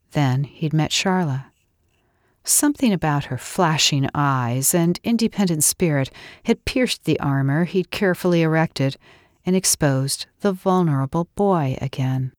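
A woman with a low voice reads a romance novel in a steady, intimate way. The sound is close and dry, with no room around it. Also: no echo. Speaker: audiobook narrator. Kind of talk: scripted narration.

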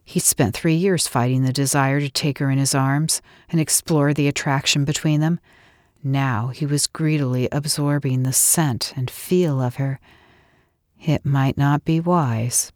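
A woman narrating a romance audiobook in a steady, intimate reading. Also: rumbling low, dry recording, studio quality. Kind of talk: scripted narration.

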